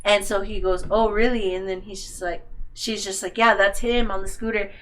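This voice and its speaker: A woman's voice: mid-range voice, fairly even intonation, moderate pace. A young woman casually telling a long story on a podcast, rambling and swearing, full of "like" and acted-out quotes. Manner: rambling, profane, heavy on "like". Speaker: podcast co-host.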